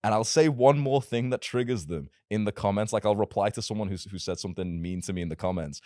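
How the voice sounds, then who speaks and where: A man's voice: on the low side, quick pace, darkish tone, no echo, studio quality. A young man in casual podcast conversation, talking as a self-improvement creator in a blunt, emphatic and provocative way.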